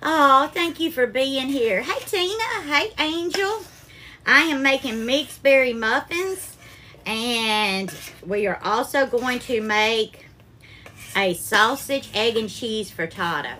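A woman with a Southern drawl hosts a live cooking stream from her kitchen, greeting viewers by name and calling them darling and honey. Her voice sits high and sounds bright and lively. A faint noise hums under the recording. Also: slow. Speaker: cooking livestream host. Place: home kitchen.

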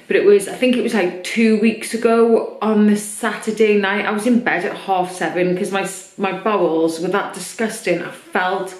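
A woman talks openly in a personal vlog recorded in an echoey room, chatty and full of fillers, her throat a little irritated. Her mid-range voice holds a steady tone at normal speed with hardly any pauses.

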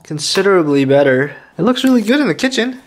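A man talking casually in a home vlog, relaxed and joking. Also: high voice, fast. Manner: laid-back, joking, trails off in fragments. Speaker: vlogger.

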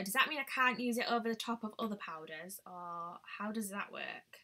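A woman's voice: medium pitch, lively intonation, moderate pace, sharp tone. A young woman chatting casually on a live stream as a beauty vlogger, thinking aloud and exclaiming often. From United Kingdom.

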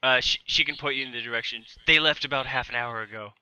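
A man's voice: medium pitch, fast talker, sharp tone, clean tone, poor audio. A young man narrating as game master, describing scenes and quoting characters in a casual way. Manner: casual, laughing, describes and quotes characters plainly.

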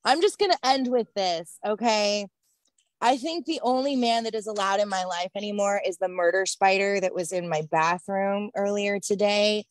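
A woman's voice: medium pitch, normal speed, no room sound. A woman performing a stand-up comedy set online, telling stories in a brash, profane and exasperated way. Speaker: stand-up comic. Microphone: video call.

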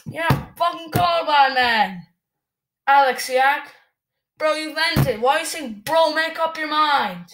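A woman gamer giving angry, cursing commentary while she plays, ranting and shouting at other players. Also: high voice, slow pace.

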